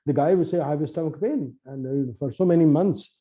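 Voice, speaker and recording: Talkative poet guy, slightly high pitch, acts out the voices, kinda muffled recording. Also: brisk. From Nepal. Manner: lively, acts out quoted dialogue, many restarts. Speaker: poet and translator. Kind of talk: animated storytelling in conversation.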